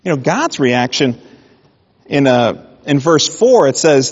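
A man preaching a sermon in an animated way, with mock-indignant asides. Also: medium pitch, slow, husky. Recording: dull sound in a reverberant hall.

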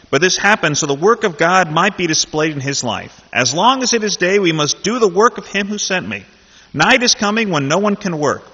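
A man's voice: a little high, bright, forceful tone, husky. A man leading a Bible study, talking casually and then reading a scripture passage aloud with animation. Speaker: Bible teacher. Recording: dull sound in a reverberant hall.

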